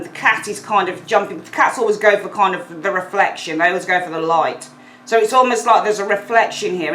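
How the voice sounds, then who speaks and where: A woman giving a casual weekly tarot reading to camera, chatty and expressive, swearing now and then and acting out the figures on the cards. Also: mid-range voice, echoey room, low-quality recording. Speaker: tarot reader.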